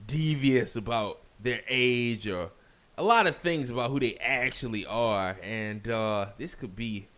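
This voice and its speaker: A man's voice: mid-range voice, measured pace, fairly bright tone. A man hosting a casual podcast chat, blunt and crude, firing off questions. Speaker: podcast host.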